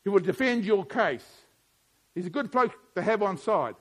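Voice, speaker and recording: A middle-aged man preaching a sermon, moving from quiet musing to loud, emphatic preaching. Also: sits high, lively intonation, normal speed, breathy edge.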